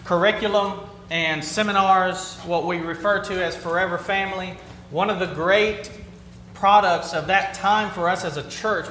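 A man's voice: high-pitched, a bit bright, roomy sound, slight background noise, rough recording. A man preaching a sermon in a conversational way, asking the congregation questions and answering back. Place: church sanctuary.

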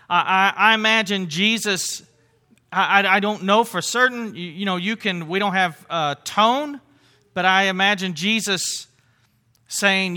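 A man's voice: high-pitched, animated, a little slow, sharp tone. A middle-aged man preaching a sermon in an earnest, conversational way, with asides and restarts as he works through the story.

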